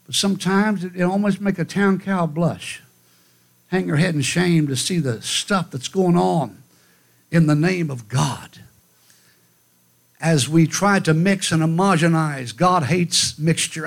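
Fiery high-voiced male preacher. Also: unhurried, vocal fry. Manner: fiery, emphatic, rhythmic repetition. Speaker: guest preacher. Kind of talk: revival sermon. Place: church conference hall.

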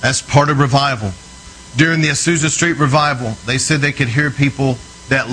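A man's voice: mid-range voice, fairly bright tone, a little hiss or hum, rough recording. Earnest preacher man telling stories. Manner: conversational, checks in with the listener often. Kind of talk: storytelling sermon.

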